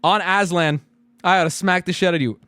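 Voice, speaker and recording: A man streaming live, reading out survey results in loud, profane, sarcastic casual commentary. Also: sits high, steady tone, a little fast, smooth, no echo.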